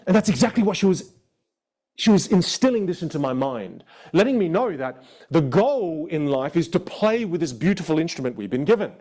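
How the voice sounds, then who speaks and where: A male vocal coach leads a live online masterclass with expressive storytelling. His voice sits a little high for a man, and his pitch leaps and dips constantly. He shifts between energetic asides and quieter, reflective moments. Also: brisk.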